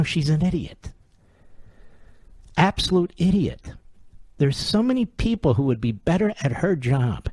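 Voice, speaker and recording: A man's voice: on the high side, a little mellow, dry recording. A man hosting a talk radio show, delivering an opinion monologue in a sarcastic, combative way full of rhetorical questions.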